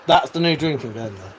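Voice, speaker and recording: A British man hosting a livestream, chatting casually, swearing freely and laughing often as he answers viewers. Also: mid-range voice. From United Kingdom. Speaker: livestream host. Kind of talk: casual livestream chat reading viewer comments. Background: faint fan hum.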